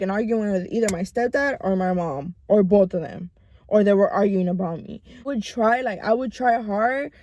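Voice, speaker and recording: A young woman vlogger casually telling a story from her past, swearing a lot and rambling in an animated way. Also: mid-range voice. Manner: profane, rambling, animated retelling. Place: home.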